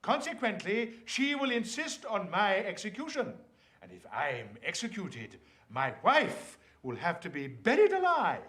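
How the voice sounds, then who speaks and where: Polite earnest young actor, bright high voice. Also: male voice, huge pitch swings, measured pace, heavily acted. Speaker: actor rehearsing a young lead. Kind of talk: period film acting.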